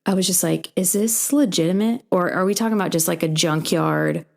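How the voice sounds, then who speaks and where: Lively storytelling woman host, low voice. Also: a little fast, creaky. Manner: animated, acts out quoted voices in her stories. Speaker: podcast host. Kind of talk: casual storytelling chat.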